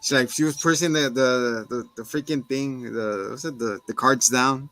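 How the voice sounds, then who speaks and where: A man's voice: medium pitch, moderate pace, pushed and bright. A man hosting a casual recap chat, talking animatedly and often slipping into character voices. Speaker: podcast co-host.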